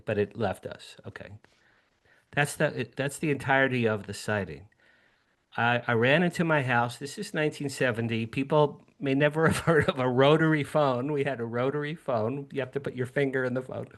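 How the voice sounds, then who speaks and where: A man in his sixties from New Jersey, a guest telling a story in an interview over a video call at home, animated and acting out his younger self with sudden high bursts. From New Jersey, USA. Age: 60s. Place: home room with a drum set.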